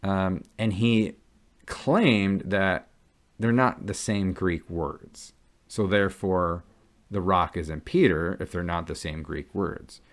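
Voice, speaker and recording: Deep-voiced man explaining earnestly. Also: takes it slowly. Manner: earnest, keeps checking in with "okay?" and "right?". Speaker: Catholic convert vlogger. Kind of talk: casual explanatory monologue.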